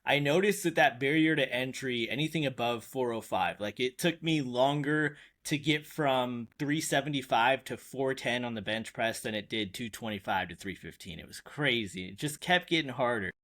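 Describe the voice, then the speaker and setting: A man's voice: mid-range voice, moderate pace, hardly any pauses, a bit bright. Male host, keen and fan-like, plain everyday voice. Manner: eager, fan-like questioning. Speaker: podcast host. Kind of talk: podcast interview.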